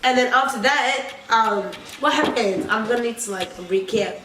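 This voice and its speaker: A woman's voice: a little high, moderate pace, fairly bright tone. A young woman vlogger telling a rambling, profane story in a casual storytime, full of fillers. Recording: echoey room, far from mic, faint noise.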